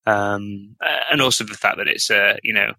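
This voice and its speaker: A man's voice: fairly low pitch, moderate pace, gravelly, sharp tone, no echo. A man talking as a podcast guest in a casual, enthusiastic way, with lots of restarts and rambling. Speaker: guest developer.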